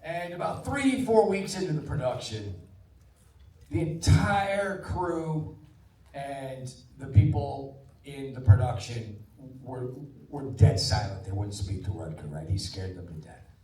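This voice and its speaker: Speaking at a slightly slow pace in a mid-range voice, this actor in his sixties entertains a cinema crowd with anecdotes before a screening, lowering to a hush whenever he quotes someone. The off-mic recording carries the auditorium's roomy sound and slight background noise.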